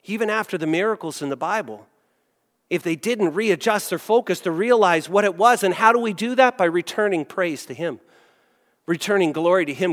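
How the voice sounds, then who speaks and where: A man preaching a sermon as a pastor, telling a story with animated acted-out voices. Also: sits high, moderate pace, long reverb tail.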